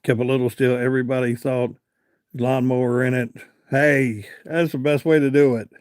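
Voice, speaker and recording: A man's voice: medium pitch, little pitch movement, moderate pace, a little mellow, clear, resonant tone, dry recording. A middle-aged man from hosts a casual live stream. He drifts through long folksy tales, stopping to read and answer comments from viewers. His mid-range voice sounds close and dry. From Virginia, USA. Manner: rambling, folksy storyteller who reads out and answers viewer comments.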